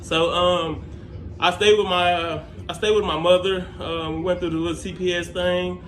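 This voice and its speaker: A young man talking casually to camera, rambling and halting with many fillers. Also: high voice, level tone, roomy sound, slight background noise. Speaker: scholarship applicant.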